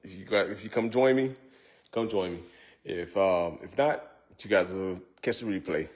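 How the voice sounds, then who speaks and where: A man's voice: low-pitched, normal speed. A man hosting a casual cooking livestream, joking and laughing often as he chats to viewers. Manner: loose, joking, laughs often, says y'all. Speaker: cooking show host.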